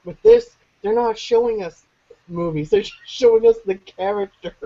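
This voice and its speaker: A man's voice: high-pitched, normal speed, lo-fi sound. A man co-hosting a movie podcast in casual chat, laid-back and telling funny stories. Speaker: podcast co-host.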